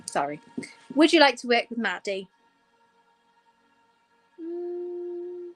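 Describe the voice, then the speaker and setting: Chatty british woman selling crystals on a live stream, bit high pitched, teasing her co-host. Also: fairly bright tone. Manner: chatty, teasing, slows down to read out items. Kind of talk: casual live-stream sales chat.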